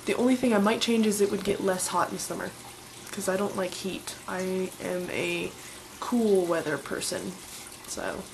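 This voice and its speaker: A woman's voice: medium pitch, fairly even intonation, normal speed, creaky, noisy background. A young woman in her twenties, chatting casually and enthusiastically as she answers questions in a vlog. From Colorado, USA. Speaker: vlogger.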